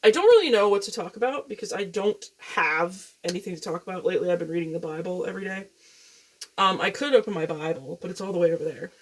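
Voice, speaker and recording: A woman's voice: on the low side, fast, slight background noise. A young woman vlogging casually at home into a gaming headset mic, rambling, self-deprecating and swearing freely. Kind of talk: casual chat. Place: room at home. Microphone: video game headset mic.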